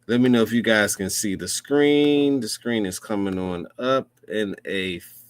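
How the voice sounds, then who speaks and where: A man with a lowish voice hosts his commentary show, earnest and rambling, doubling back to repeat himself. The sound is dry and close, with no room around it. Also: measured pace, clear, resonant tone, no echo. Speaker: host. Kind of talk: casual commentary.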